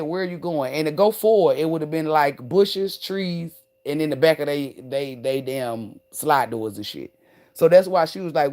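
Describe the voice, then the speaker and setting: A woman telling a profane, animated story straight to her viewers, calling them "y'all" and "baby", with emphatic outbursts. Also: low-pitched. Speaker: online creator.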